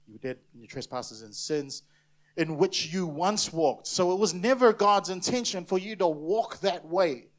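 A man from New Zealand preaches to a congregation in a church. His voice sits high, and his delivery is emphatic, with playful asides where he acts out the voices of the people he is talking about. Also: expressive, moderate pace. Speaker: pastor. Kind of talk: sermon.

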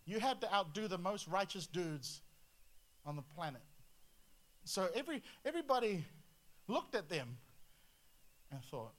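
Animated high-voiced male pastor preaching. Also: a little slow, pauses often. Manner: animated, rhetorical questions, jumps between loud and quiet. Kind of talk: sermon.

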